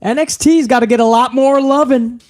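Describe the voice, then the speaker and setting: His voice is very high-pitched, steady in tone and moderate in pace as he hosts a wrestling commentary live stream. He reads viewer messages in a profane, amped-up, emphatic style.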